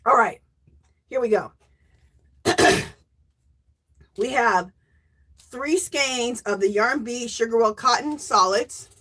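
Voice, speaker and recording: Chatty American woman, livestream host, bright higher voice, talks straight to her viewers. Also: takes it slowly, pauses often. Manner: chatty, exclaims loudly, talks to viewers as "girl". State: coughing and teary after choking on water. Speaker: livestream host giving away yarn. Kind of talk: casual livestream chat.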